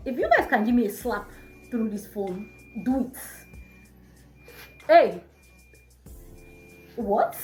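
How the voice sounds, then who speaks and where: A young woman with a Nigerian accent, telling a storytime vlog in an animated, exasperated way. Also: medium pitch, unhurried, pauses often. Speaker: vlogger. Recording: echoey room, faint music.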